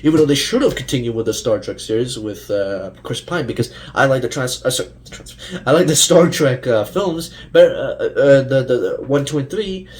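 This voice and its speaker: A man's voice: medium pitch, brisk, a little mellow. A young man ranting casually to camera as a fan vlogger, rambling with many fillers and restarts.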